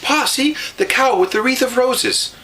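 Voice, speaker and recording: A man voicing an excited little pioneer girl, shouting with delight in a high voice for a storybook reading. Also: fairly quick, full character voice.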